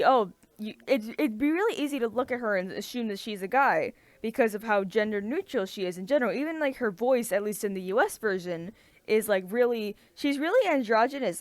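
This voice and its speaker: A woman's voice: mid-range voice, no echo. Chatty young woman with a dry close sound. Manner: rambling, filler-heavy, enthusiastic. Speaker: podcast co-host. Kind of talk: casual chat.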